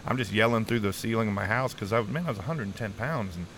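A man's voice: fairly low pitch, fast, fairly bright tone, a little hiss or hum. A middle-aged man, an interview guest, telling his personal testimony earnestly and emotionally, restarting often and saying "man" a lot.

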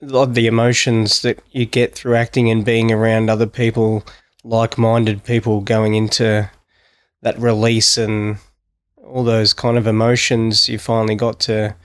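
A man's voice: fairly low pitch, little pitch movement, moderate pace, clean tone, dry recording. A man hosting a conversation who asks his questions in a level, unvarying tone. He gropes for words as he reflects aloud. The sound is dry and close, with no room around it. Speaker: podcast host. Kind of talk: interview question.

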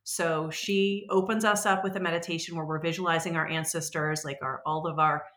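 A woman in her forties, a podcast guest telling stories in a rambling, animated way and acting out the voices she quotes. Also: low-pitched, fairly quick, echoey room. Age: 40s. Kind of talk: casual conversational storytelling.

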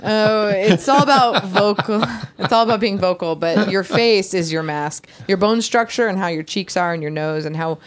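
A woman's voice: medium pitch, normal speed, few pauses. A woman co-hosting a podcast in casual chat, opinionated and talking about vocal technique. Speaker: podcast co-host.

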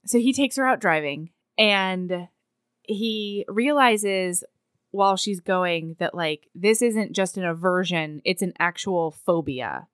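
A woman's voice: fairly low pitch, slow, clear, resonant tone, no echo, clean studio sound. A woman co-hosting a casual chat, retelling a story and acting out the characters' lines. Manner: animated storyteller who acts out characters' lines. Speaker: podcast co-host recapping a romance novel. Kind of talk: casual chat, retelling scenes with quoted voices.

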